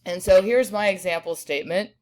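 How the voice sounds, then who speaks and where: A woman's voice: medium pitch, a little fast, a little mellow. A woman teacher giving a patient grammar lesson, checking in with her students often. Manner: patient, checks in with "right?" and "okay".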